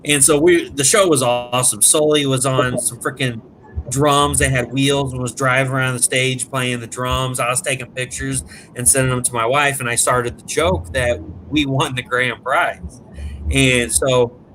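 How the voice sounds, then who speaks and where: A man telling a prank story in animated, casual, profane chat as a podcast guest. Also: mid-range voice, moderate pace, slight background noise. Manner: animated, profane, laughs at his own story.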